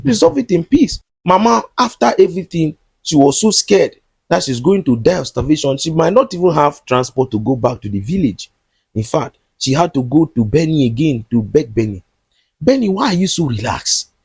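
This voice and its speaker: Guy reviewing a movie, calls out the characters, kinda husky, voice jumps all over, dry sound. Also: a little high, sing-song, normal speed, darkish tone, no room sound. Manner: indignant, scolding the characters directly. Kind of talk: recap and commentary on a film.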